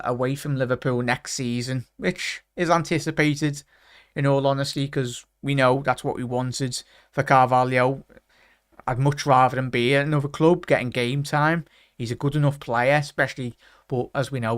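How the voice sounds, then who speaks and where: A man's voice: mid-range voice, clean tone, no echo. A man chatting on his footy watchalong stream, dry close mic, mid voice, lots of "mate". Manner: chatty, greets viewers with "big up" and "mate". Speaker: watchalong livestream host. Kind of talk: casual live chat reading comments.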